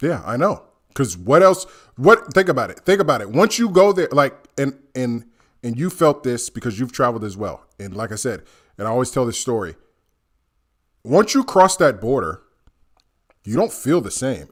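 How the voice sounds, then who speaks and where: Man, channel host, casual chat, eager agreeing interjections, mid-pitched voice. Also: sing-song, moderate pace.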